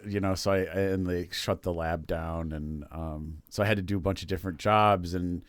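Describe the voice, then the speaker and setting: A man's voice: low voice, fairly even intonation, normal speed, dry recording, lightly acted. A man voicing a weary, chatty male talking cat in a joke, rambling with lots of fillers.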